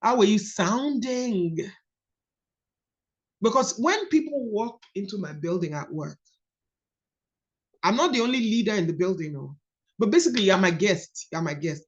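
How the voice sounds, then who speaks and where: A woman's voice: medium pitch, expressive, normal speed, pauses often, lo-fi sound. A woman leading a book study coaching call, repeating key phrases for emphasis.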